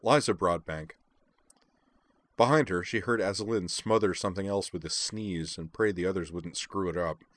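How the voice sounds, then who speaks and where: A man narrating a story in a steady audiobook style. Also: low voice, a little fast, few pauses.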